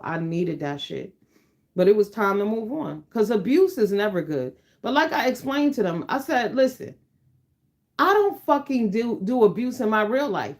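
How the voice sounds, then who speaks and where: A middle-aged woman chatting to her viewers, telling a story in a blunt, profane, emphatic rant. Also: medium pitch. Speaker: YouTuber. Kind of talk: casual chat to viewers.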